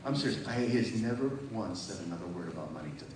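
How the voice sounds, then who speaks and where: A man's voice: low-pitched, animated, very fast, background noise. A man preaching a testimony sermon at a church service, emphatic and conversational, often asking the audience questions. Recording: very echoey hall, mic far off.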